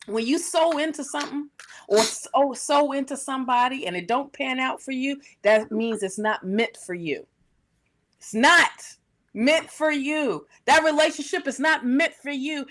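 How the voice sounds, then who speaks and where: A woman's voice: high voice, unhurried, fairly bright tone. A woman co-hosting a live tarot stream, giving emphatic, sassy advice in casual slang. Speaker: tarot reader co-host.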